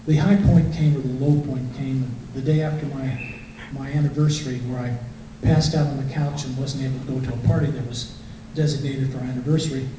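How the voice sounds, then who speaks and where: A man's voice: mid-range voice, steady tone, brisk, hardly any pauses, muffled recording. Middle-aged man's echoey church testimony. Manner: conversational storytelling, acting out quotes. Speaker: guest speaker. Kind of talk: personal testimony to a congregation. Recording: echoey hall from far off, faint noise.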